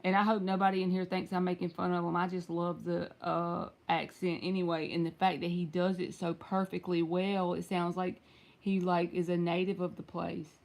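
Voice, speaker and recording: A woman's voice: on the low side, flat delivery, normal speed, gravelly. Southern lady doing a live tarot reading from home, chatty, talks right to the viewers. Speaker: tarot reader.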